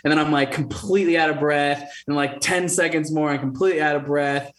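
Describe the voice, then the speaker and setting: A man in his thirties, an interview guest telling his story in an animated way, acting out the voices of others. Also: a little high, brisk. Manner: animated, acts out quoted voices. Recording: roomy echo.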